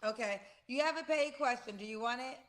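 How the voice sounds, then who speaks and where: A woman's voice: on the high side, brisk. A woman co-hosting an online show, reading out paid questions and chatting casually at length. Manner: reads questions aloud, then chats at length. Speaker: co-host reading viewer questions. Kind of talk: casual chat.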